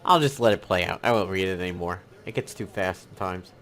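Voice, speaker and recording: A man's voice: deep voice, quick pace, fairly bright tone. A man from New York giving casual, rambling commentary while playing a mobile game, with many fillers and asides.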